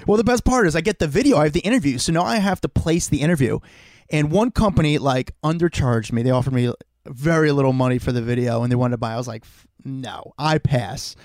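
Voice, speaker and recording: A man tells a story with a lot of energy, acting out voices and swearing freely in loose podcast chat. His voice sits fairly high, and it was recorded close and dry, with almost no room sound. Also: fast, no echo. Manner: animated, swears freely, acts out quoted voices. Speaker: podcast co-host. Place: home.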